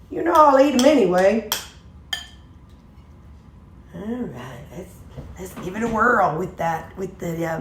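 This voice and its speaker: A woman's voice: on the low side, far from the mic, a little hiss or hum. A woman, chatting casually in a home kitchen as she cooks, folksy and talkative. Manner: chatty, folksy, talks while cooking. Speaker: weight-loss vlogger. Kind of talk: casual cooking vlog. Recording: echoey kitchen with faint sizzling.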